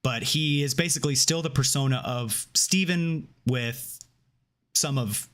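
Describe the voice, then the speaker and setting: A man's voice: medium pitch, unhurried. A man co-hosting a casual chat show, retelling a story with lots of fillers. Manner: animated retelling with filler words. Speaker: podcast co-host.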